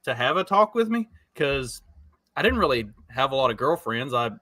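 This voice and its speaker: A man with a bright, forceful voice trades crude, animated jokes, padding his talk with fillers. The sound is close and dry. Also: medium pitch, moderate pace, no echo. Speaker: podcast co-host. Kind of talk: casual chat.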